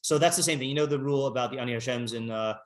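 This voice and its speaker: The speaker is a man with a mid-range voice running an informal class on texts. His talk is rambling and halting, heavy with fillers, as he reads Hebrew aloud and translates it.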